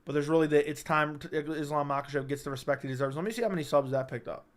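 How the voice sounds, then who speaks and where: A man hosting a casual livestream chat, talking in an animated, emphatic way, repeating himself and swearing freely. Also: on the high side, quick pace. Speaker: livestream host. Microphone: studio microphone.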